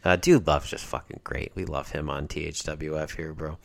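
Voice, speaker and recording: Deep-voiced excitable podcast guy. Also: moderate pace, gravelly, dry recording. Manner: profane, excitable, laughs often. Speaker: podcast co-host. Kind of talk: casual wrestling recap chat.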